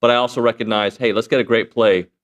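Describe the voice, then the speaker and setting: Male sports show host, mid-pitched, chatty and loose. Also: steady tone, quick pace. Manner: chatty, rambling with fillers. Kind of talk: casual sports talk.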